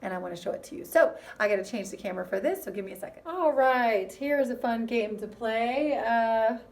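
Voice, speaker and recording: A woman teaching a music lesson to young children, in a gentle, encouraging way that speaks straight to them. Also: fairly high pitch, a little fast, far from the mic.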